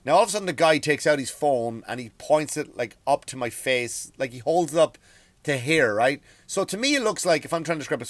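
An Irish comedian tears through a story in a profane, animated rant. His voice sits a bit higher than most men's. The sound is dry and close, recorded at home. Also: no echo. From Ireland. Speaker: comedian and podcast host.

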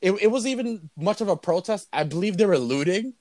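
A man's voice: sits high, animated, a little fast, a little mellow, dry recording. A young man co-hosting a casual podcast, talking in loose, profane, joking rants. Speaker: podcast co-host. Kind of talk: casual crude podcast chat.

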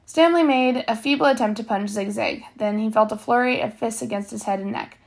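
A woman reading a novel aloud, steady, sometimes stumbling and correcting herself. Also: fairly high pitch, a little fast, creaky. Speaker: reader.

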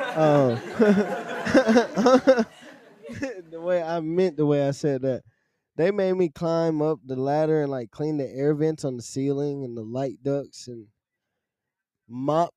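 Animated young man telling a work story. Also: medium pitch, no echo. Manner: animated, profane, laughs often, acts out quoted people. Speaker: podcast host telling a story. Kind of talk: casual storytelling.

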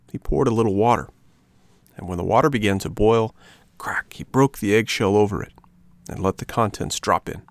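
A man reading a children's book aloud in an expressive, measured storytelling manner. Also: lowish voice, no room sound.

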